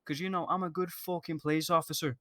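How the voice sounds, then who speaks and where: A man's voice: on the high side, fairly even intonation, quick pace, sharp tone, dry recording. A man playing a crude, laid-back police applicant in a game role-play, cocky and rambling.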